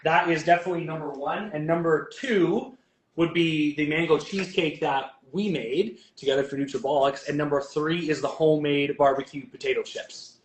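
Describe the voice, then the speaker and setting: A chatty, upbeat man with a fairly high voice talks through each cooking step as he goes. He speaks casually, as a guest chef in a kitchen. The sound bounces around an echoey room. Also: steady tone, moderate pace. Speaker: guest chef and bodybuilding coach. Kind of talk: casual chat while cooking.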